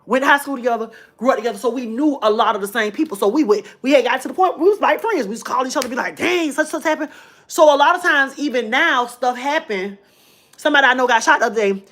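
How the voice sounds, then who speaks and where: A woman's voice: on the high side, lively intonation, fast talker, fairly bright tone. A woman, telling a personal story to her viewers in a chatty, emotional way. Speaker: vlogger.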